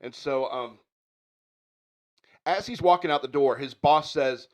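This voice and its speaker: A man's voice: mid-range voice, normal speed. A man hosting a radio show, chatting casually and rambling with frequent chuckles. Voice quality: chuckling, rambling, self-interrupting. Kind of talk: casual chat.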